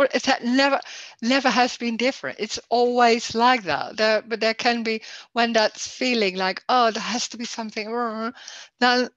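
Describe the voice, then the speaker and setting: A woman hosting a spiritual talk on a video call, searching haltingly for words with many restarts. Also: high-pitched, a bit bright, no echo, dull audio. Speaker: non-duality talk host. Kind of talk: casual spiritual conversation over video call.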